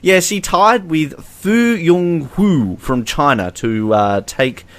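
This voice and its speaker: A man's voice: on the high side, slow, a bit bright. A man with an Australian accent co-hosting a casual sports podcast, telling stories sarcastically with frequent laughs. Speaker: podcast co-host.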